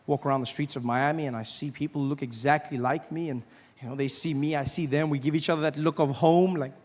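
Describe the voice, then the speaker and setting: A South African man doing stand-up comedy on a large theater stage, animated and quick to jump into character voices. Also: fairly high pitch, slight background noise. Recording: live theater hall with crowd laughter.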